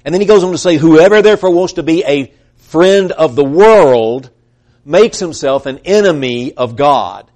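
A man delivering a sermon in a slightly higher-pitched voice. He speaks earnestly, pushes up to emphatic peaks, then drops to quiet endings. He sometimes acts out the voices he quotes. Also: animated, moderate pace. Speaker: preacher.

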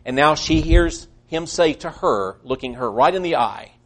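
A man preaching a sermon earnestly, swinging between loud emphasis and hushed, quiet passages. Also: on the high side, animated, moderate pace. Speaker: pastor.

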